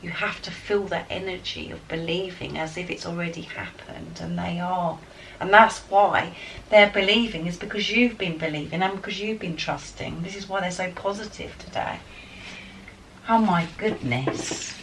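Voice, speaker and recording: An enthusiastic tarot card reader offers spiritual guidance, speaking excitedly and directly to camera at a moderate pace. Her voice is fairly low with a gravelly edge. The recording is poor, made from a distance, with faint noise humming underneath.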